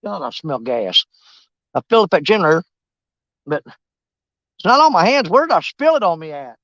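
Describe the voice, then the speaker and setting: Fishing from a riverbank, a vlogger keeps up casual, jokey, folksy chatter that rambles along. His high voice is very animated and a bit bright at normal speed, and the muffled recording has no room sound.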